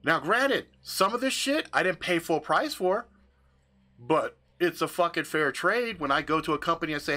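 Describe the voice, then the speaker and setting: A man's voice: a little high, big pitch swings, a little fast, sharp tone. A man venting on his livestream in a room full of his gear, casual and profane, with emphatic swearing. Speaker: livestream host.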